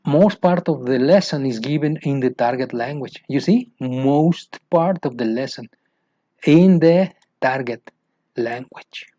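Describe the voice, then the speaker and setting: A native Spanish speaker with a Mexican Spanish accent lectures teachers in English, often restarting phrases and posing rhetorical questions. His medium-pitched voice is mellow and his pace measured. The recording has a dull, lo-fi sound.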